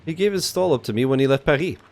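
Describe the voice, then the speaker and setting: A man's voice: medium pitch, lively intonation, rapid-fire, darkish tone, lightly acted. A man voicing an elderly, mustached male bookseller who speaks courteously in old-fashioned phrases.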